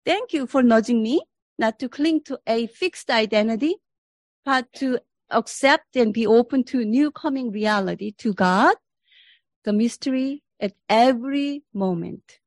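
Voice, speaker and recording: Earnest woman, professor at a lectern, deliberate reflective delivery, dry room. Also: a little high, no room sound. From Korea. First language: Korean. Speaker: professor giving a presentation. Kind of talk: formal spiritual presentation.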